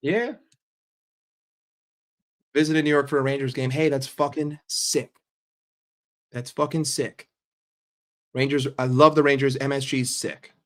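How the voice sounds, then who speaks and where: A man hosting a casual livestream, reading viewer comments aloud and answering them in a blunt, profane, animated way. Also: medium pitch, unhurried, pauses often. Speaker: livestream host.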